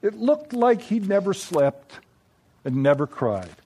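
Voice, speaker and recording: A man narrating a scripted story in a reflective, measured, gently wry way. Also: high voice, big pitch swings, husky.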